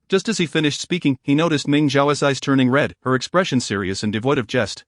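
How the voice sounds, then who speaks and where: A man narrates a romance novel in a steady, smooth audiobook reading at a middling pitch. The recording is dry and close, with no room sound. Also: a little fast, few pauses, dry recording.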